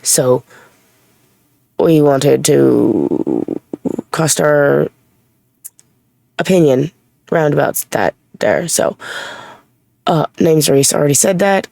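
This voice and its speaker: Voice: mid-range voice, expressive, takes it slowly, vocal fry, long pauses, warm tone, no echo. A vlogger with a light Irish-tinged accent, talking casually to camera in a rambling, blunt way that corrects itself as it goes. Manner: rambling, self-correcting, blunt with a bit of swearing. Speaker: vlogger speaking as an alter named Reese. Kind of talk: casual unscripted talk to camera.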